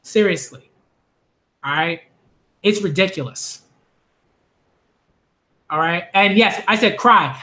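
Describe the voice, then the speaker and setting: A man giving a ranting commentary vlog on manga, animated and exasperated, repeating phrases for emphasis. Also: high voice, slow pace, long pauses.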